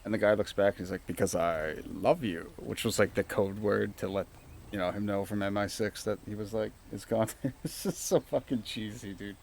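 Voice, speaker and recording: A man's voice: lowish voice, fairly even intonation, fairly quick, gravelly, darkish tone, a little hiss or hum. A young man streaming a strategy game, rambling and swearing in casual joking commentary, laughing often. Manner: rambling, profane, joking asides.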